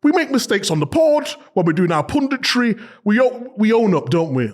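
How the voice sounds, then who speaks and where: Male pundit, fairly high voice that swings around a lot, emphatic and exclaiming. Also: normal speed, hardly any pauses. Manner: animated, emphatic, exclaims in disbelief. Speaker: football pundit. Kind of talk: casual football chat.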